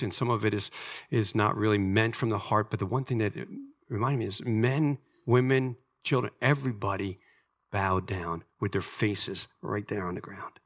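Bright-voiced American man preaching a sermon. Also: fairly low pitch. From United States. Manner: emphatic preacher, rising to near-shouts at peaks. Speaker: pastor. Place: church sanctuary.

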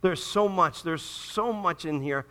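In a church sanctuary, a male pastor delivers a sermon with a slightly high voice at an unhurried pace. He swings from loud, emphatic peaks to quiet, hushed appeals.

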